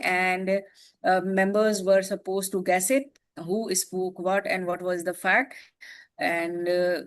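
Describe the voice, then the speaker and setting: Lady on a club call explaining things real slow, stops and restarts a lot. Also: mid-range voice. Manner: slow, careful, with fillers and restarts. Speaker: club member, super listener. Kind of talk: explaining a meeting role.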